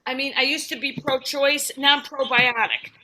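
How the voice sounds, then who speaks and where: A woman's voice: high voice, fairly even intonation, moderate pace, a loud crowd. A middle-aged woman performing a stand-up comedy set, wry and self-deprecating, slipping into quoted voices.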